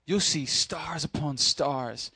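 A man's voice: a little high, takes it slowly, bright, forceful tone, slightly rough, no room sound, clean studio sound. A man preaching in a casual, conversational way, speaking directly to his congregation and acting out Bible scenes. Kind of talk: sermon.

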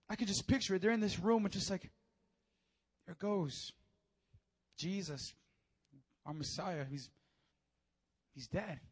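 Man, preacher, sermon, high-pitched, animated storytelling, stammered repeats.

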